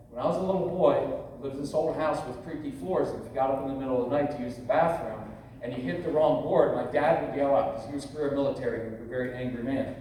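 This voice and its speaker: A fifty-something man runs a live parenting workshop for an audience, using stories, acted-out quotes and humor with the crowd. His slightly high voice has a dark tone; the recording is echoey, from a big convention hall, with a distant-sounding mic and slight background noise.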